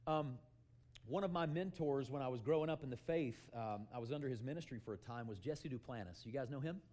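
Animated preacher man shouting for emphasis. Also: mid-range voice, a little fast. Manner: calls for amen often. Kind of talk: sermon.

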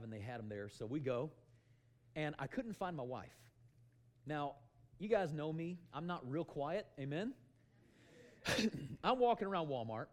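Animated man preaching a lively sermon. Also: a little high. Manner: loud, animated storytelling with calls of "amen".

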